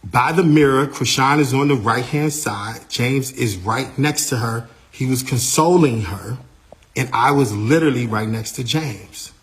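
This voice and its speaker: A man, an artist's manager, recounting a backstage incident in a lively, casual way, repeating himself and using slang. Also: medium pitch, a little slow. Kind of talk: animated storytelling.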